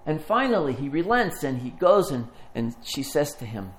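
A man preaching a sermon, telling a story and acting out the voices in it, then dropping to a hush at the tender moments. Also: on the high side, very animated, moderate pace, few pauses.

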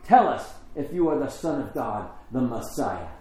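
A man reading scripture aloud and voicing an indignant male high priest with a raised, forceful delivery. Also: sing-song, moderate pace, heavy reverb, a little hiss or hum, natural voice.

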